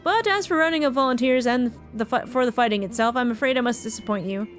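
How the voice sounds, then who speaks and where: A woman's voice: a little high, soft background music, natural voice. Woman reading as a formal guild leader. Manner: measured formal reading with small slips. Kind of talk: reading game dialogue aloud.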